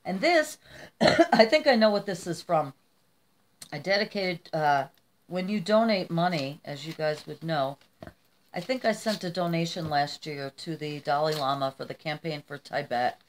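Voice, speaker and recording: A woman chats to her camera at home, gushing and a little rambling. Her voice sits low for a woman, and she stumbles over restarts and fillers as she goes. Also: slight background noise. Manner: effusive and gushing, with tearful warmth. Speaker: vlogger. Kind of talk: casual chat to camera.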